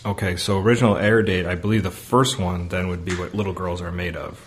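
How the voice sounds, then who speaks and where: A man with a somewhat low voice co-hosts a casual podcast chat. He rambles through his points, filling gaps with ums and uhs. He laughs easily along the way. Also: flat delivery, a little hiss or hum. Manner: rambling, full of fillers and quick laughs. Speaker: podcast co-host.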